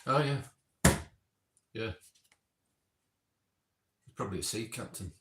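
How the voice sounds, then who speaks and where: A man with a lowish, bright, forceful voice reads timestamps and quoted remarks in a casual recap. He adds chatty asides as he goes. The room echoes noticeably around him. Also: expressive, slow pace. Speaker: experiment host reviewing session notes. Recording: roomy echo.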